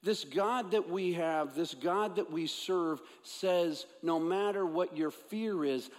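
In a church sanctuary, a man preaches a sermon as pastor, earnest and repeating key phrases for emphasis. His voice sits high, he speaks slowly with few pauses, and a long hall reverb fills the recording.

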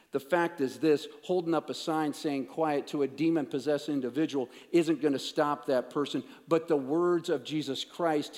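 A man preaching a sermon, emphatic, swinging between raised declarations and hushed, intense passages. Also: a little high. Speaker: pastor. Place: church sanctuary. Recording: long reverb of a large hall.

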